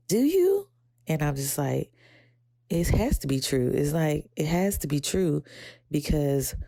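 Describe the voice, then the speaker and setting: A mellow, gravelly low voice belongs to a young adult woman with a Southern American accent, captured in clean studio sound without echo. She hosts a podcast of casual, reflective personal talk, rambling and quoting her inner voice in a higher pitch. Emotion gets to her, and she turns teary at times.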